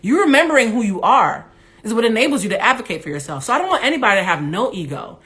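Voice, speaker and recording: Loud, blunt woman on a livestream. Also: on the high side, quick pace. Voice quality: big, loud voice. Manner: blunt, animated, profane. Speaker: Instagram Live host. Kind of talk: candid livestream monologue.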